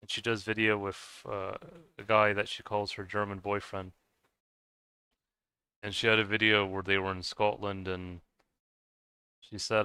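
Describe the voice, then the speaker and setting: This man streams a game and chats loosely with viewers, rambling with lots of fillers and restarts and chuckling often between remarks. His voice is on the low side, flat and a little slow, with frequent pauses and a bright, forceful, smooth tone. The recording is dry.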